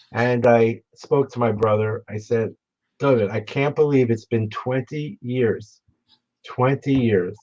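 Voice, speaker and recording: A man telling stories in memory of his late brother at a remembrance gathering, speaking in a halting, reflective way with frequent restarts. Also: medium pitch, a little mellow, highs cut off. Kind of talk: storytelling remembrance. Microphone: remote broadcast.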